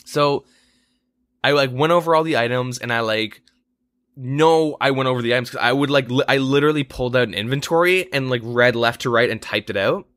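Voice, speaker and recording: A man's voice: mid-range voice, fairly quick, fairly bright tone, no room sound, clean studio sound. A man co-hosting a casual gaming podcast, telling a long rambling story with lots of swearing and exasperated asides. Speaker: podcast co-host.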